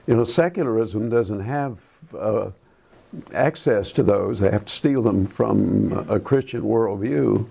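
An older man speaks on a Christian talk show with a low, dark voice full of gravel and a husky edge. He talks in halting bursts, restarting his sentences often. His tone is earnest and preachy. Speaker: Christian radio host. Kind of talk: casual talk about current events.

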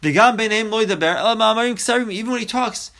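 A man's voice: sits high, fast talker, bright, forceful tone. A man teaching a Torah text study class, reading Hebrew phrases aloud and then explaining each one in English.

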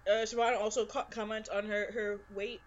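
A woman co-hosting a podcast, chatting casually and joining in with quick remarks. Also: mid-range voice, little pitch movement, lo-fi sound. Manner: chatty, laughs easily, short interjections. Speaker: podcast co-host. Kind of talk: casual chat.

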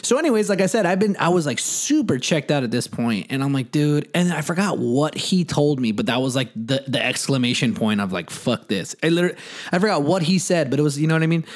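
A man's voice: a little high, animated, quick pace. A young man in casual chat, telling a rambling, slangy story with laughs.

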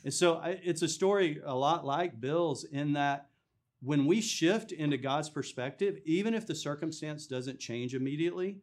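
A man's voice: on the high side, moderate pace. A man in a casual conversation earnestly recounting a personal faith experience. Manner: earnest storytelling, laughs while telling. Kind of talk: casual testimony chat.

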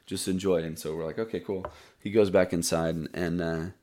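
A man's voice: low-pitched, steady tone, normal speed, warm tone. A man hosting his own show, telling a rambling, laid-back story in casual chat and breaking down a poem he wrote. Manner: rambling, laid-back storyteller who calls listeners buddy and dude. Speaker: podcast host. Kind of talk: casual storytelling and poetry reading.

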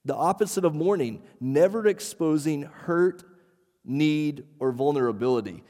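A man's voice: on the high side, animated, unhurried, dark tone. A man in his thirties preaching a sermon as pastor, conversational and self-deprecating, with frequent fillers. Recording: reverberant hall.

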